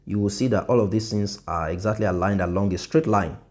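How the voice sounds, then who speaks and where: A man giving a loose, casual design tutorial on his phone, often correcting himself and laughing softly. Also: on the low side, steady tone, brisk.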